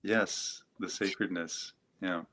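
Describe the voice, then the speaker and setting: A man, a guest psychotherapist, talking gently and reflectively in an interview, asking himself questions and using many fillers. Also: sits low, fairly even intonation, slow.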